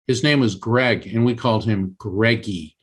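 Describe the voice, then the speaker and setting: A man, a guest on a podcast, telling a long story in an animated way, with sudden jumps in pitch and halting restarts. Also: breathy edge. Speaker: guest medium and author.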